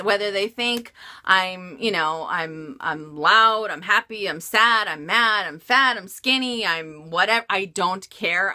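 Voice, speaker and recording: A woman vlogger with a lowish, sharp-toned voice answers viewer questions about luxury bags. Her casual Q&A talk is frank and chatty, full of laughs and fillers.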